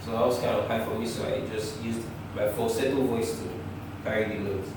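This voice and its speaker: A man teaching choir harmony, talking through the theory and now and then singing short phrases, sometimes in falsetto. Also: level tone, brisk, heavy reverb, distant mic, background noise. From Nigeria. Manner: talks through theory, often breaks into sung phrases, chuckles. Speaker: music teacher. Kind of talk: choir harmony lesson with sung examples. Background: piano.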